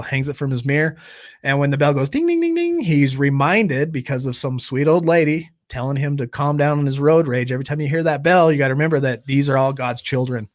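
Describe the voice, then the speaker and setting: A man hosting a live recovery stream in a loose, joking, animated way. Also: on the high side, no room sound, clean studio sound. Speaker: host. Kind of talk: casual live-stream chat.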